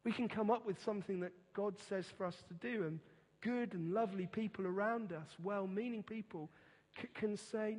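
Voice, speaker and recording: A middle-aged man preaching a sermon as pastor, earnest and emphatic, with a deliberate delivery and repeated words for stress. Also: high-pitched, a little mellow. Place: church. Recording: reverberant church hall.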